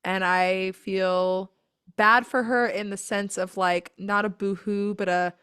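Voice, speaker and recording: Young woman podcast co-host, casual and blunt, swears a lot, mid pitch, dry close sound. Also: fairly even intonation, slow, fairly bright tone, smooth, dry recording. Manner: blunt, swears freely, dramatic. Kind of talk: casual chat.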